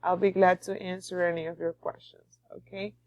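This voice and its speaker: A woman's voice: lowish voice, level tone, a little mellow, dry recording, muffled recording. A woman teaching a beginner English lesson, patient and repetitive, often checking in with her students. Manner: slow, patient, repeats and checks understanding.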